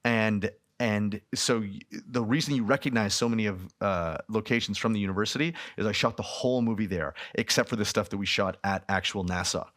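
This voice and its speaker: A man in his thirties, a film director answering questions at a festival talk, telling lively stories and acting out the people in them. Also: on the low side, fairly quick, hardly any pauses. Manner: animated storytelling, frequent laughs, acts out quoted people.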